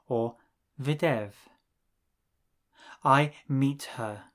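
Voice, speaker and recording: A man narrating a scripted language lesson, reading drill phrases in a measured way with pauses between them. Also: medium pitch. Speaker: language teacher.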